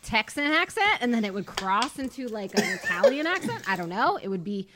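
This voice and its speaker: A woman from Boston co-hosting a casual chat, animated and quick to laugh as she tells rambling stories. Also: fairly high pitch, background noise. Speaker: podcast co-host.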